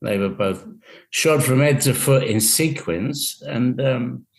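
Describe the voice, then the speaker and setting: An older Englishman, a guest musician on a radio show, tells stories in a dry, wry way over a video call. His mid-range voice is slow and creaky in this casual interview.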